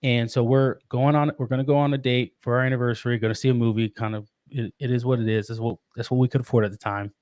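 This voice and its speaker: A man in his thirties telling a personal story in casual conversation, animated and laughing often. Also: medium pitch, quick pace, hardly any pauses, no room sound, studio quality. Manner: animated, laughs often, acts out quoted voices. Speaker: podcast guest.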